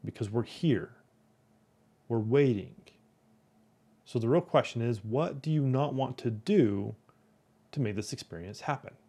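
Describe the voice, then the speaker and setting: Brief: male host, rambling casual storyteller, mid-pitched voice, lots of "right?" tags. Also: unhurried, long pauses, warm tone, breathy edge. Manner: rambling, keeps asking "right?".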